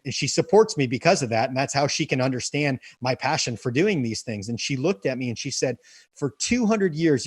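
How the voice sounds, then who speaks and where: A man's voice: medium pitch, a little mellow, no room sound, studio quality. An earnest man telling a personal story as an interview guest, often repeating words as he restarts sentences. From United States.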